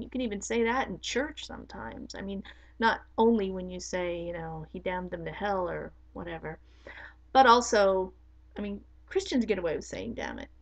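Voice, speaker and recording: A middle-aged woman, a spiritual teacher, talking straight to camera in a forceful, blunt, emphatic way. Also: mid-range voice, expressive, normal speed, vocal fry, low-quality recording. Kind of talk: casual monologue to camera.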